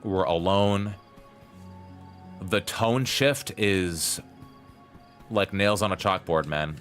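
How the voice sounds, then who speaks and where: Deep-voiced man streaming a game. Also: slow pace, a bit bright, faint music behind. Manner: chatty, rambling, fond of puns. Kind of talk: live-stream gameplay commentary.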